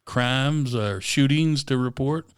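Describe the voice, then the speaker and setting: A man's voice: mid-range voice, slow, clean tone. A man co-hosting a casual podcast chat, joking, laughing often and acting out his exasperation. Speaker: podcast co-host.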